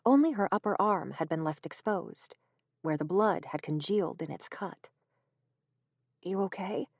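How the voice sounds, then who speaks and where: A woman reading a horror audiobook in a measured, even storytelling manner, close to the mic. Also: fairly low pitch, dry recording. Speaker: audiobook narrator. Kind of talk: scripted narration.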